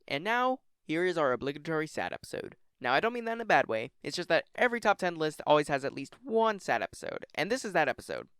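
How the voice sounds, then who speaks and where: A young man talks through a casual countdown of episodes, rambling and swearing with jokey asides. His voice sits a little high and moves a lot. It is close and dry, with no room sound. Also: sing-song, fast, hardly any pauses, fairly bright tone, clean tone, no echo. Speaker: YouTube list host.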